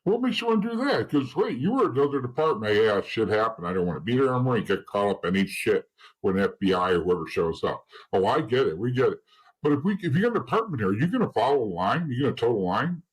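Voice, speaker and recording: A man's voice: medium pitch, big pitch swings, quick pace, breathy edge, poor audio. A middle-aged man with a New Jersey accent telling his story in a blunt, profane, streetwise way, acting out the dialogue as he goes. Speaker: interview guest, former informant. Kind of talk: casual storytelling.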